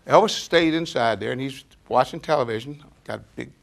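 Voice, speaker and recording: A man's voice: mid-range voice, a little fast, gravelly. An older man telling stories to a small audience in a folksy, chatty way, chuckling often. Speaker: storyteller speaking to an audience. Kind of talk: anecdotal storytelling to a live audience.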